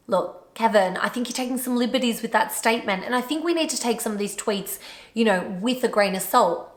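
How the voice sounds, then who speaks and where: A woman's voice: on the high side, fairly quick, roomy sound. A woman hosting a commentary vlog, talking in a sarcastic style with wry, joking asides. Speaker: commentary vlogger.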